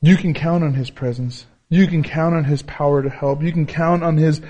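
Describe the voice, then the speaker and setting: Man, pastor, sermon, fairly high pitch, emphatic repetition, loud peaks and quiet drops. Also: steady tone, normal speed, dull audio. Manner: rises to loud emphatic peaks, then drops low and soft; repeats key phrases for emphasis.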